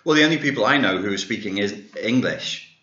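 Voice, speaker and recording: A man with a Scouse accent hosting a podcast, chatting casually and swearing freely as he tells animated stories. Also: on the low side, brisk. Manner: sweary, animated storyteller mimicking people. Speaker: podcast host. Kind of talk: casual chat. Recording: echoey, muffled room sound.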